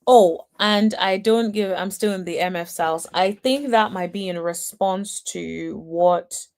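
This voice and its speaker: A woman hosts a casual reaction commentary and talks straight to her viewers and chat. She speaks in an unhurried, drawn-out way with chatty, exasperated asides. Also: mid-range voice. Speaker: host.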